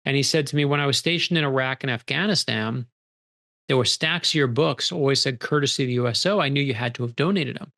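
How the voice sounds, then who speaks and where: Gravelly-voiced man telling stories animatedly. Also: medium pitch, fast talker. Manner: animated storyteller acting out quoted dialogue. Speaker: author guest. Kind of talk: storytelling interview conversation.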